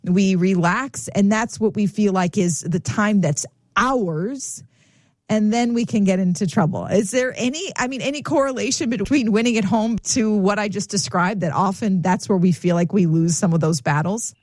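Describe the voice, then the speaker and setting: A woman's voice: mid-range voice, normal speed, no echo. A woman hosts a radio interview, asking her questions in a loose, conversational way. The studio sound is dry and close. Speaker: radio host.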